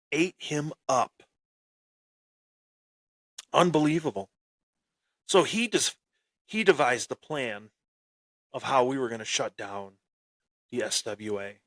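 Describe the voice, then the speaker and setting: A man hosting a wrestling podcast and telling a story with boastful heel bravado. He breaks into sudden loud bursts and often repeats and restarts his phrases. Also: medium pitch, no echo. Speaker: podcast host.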